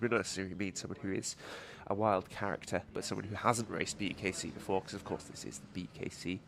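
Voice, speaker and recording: Nasal, gravelly commentator. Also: male voice, on the low side. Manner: dry, joking asides. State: congested from allergies. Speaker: race commentator. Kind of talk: live motorsport commentary. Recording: faint ambient noise.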